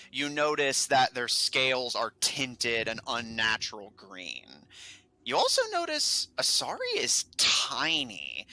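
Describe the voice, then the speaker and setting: Bright-voiced man running a tabletop game. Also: mid-range voice. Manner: hesitant, many fillers. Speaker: game master.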